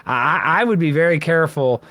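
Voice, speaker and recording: Excitable man, dry close sound. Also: fairly quick, dry recording. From Texas. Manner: excitable, jumps between loud high bursts and low mutters. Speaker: guest commentator. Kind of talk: casual podcast chat.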